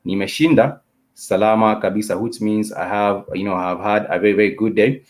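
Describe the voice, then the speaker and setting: Man, low-pitched voice, live-stream language teacher, patient, repetitive, lots of fillers, spells words out. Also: little pitch movement. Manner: repetitive, explanatory, many "uh" and "you know" fillers; spells out letters and repeats words slowly. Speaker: Swahili teacher.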